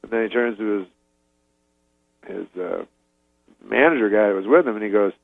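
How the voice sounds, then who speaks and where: A man from Canada, telling a meandering anecdote as a comedian guest in a deadpan way, chuckling at his own story. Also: medium pitch, a little fast, vocal fry, long pauses, dry recording. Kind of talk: rambling anecdote in an interview. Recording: slightly muffled lo-fi audio, dry.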